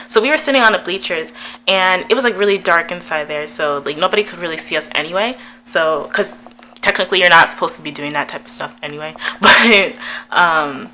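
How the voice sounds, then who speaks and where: A woman's voice: lowish voice, sharp tone, a little hiss or hum, poor audio. A young woman telling a personal story in a casual vlog, chatty and giggly, with many fillers. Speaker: YouTuber.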